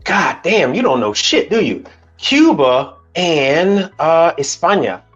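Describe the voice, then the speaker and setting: A man's voice: on the high side, takes it slowly, highs cut off, soft background music. A man hosting a casual livestream chat, talking bluntly and with a lot of swearing. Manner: blunt, profane, animated. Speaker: livestream host. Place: Houston, Texas.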